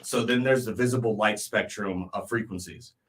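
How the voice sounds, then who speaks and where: A man's voice: lowish voice, normal speed. A man co-hosting a casual podcast chat, explaining ideas at length with many ums and restarts. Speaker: podcast co-host.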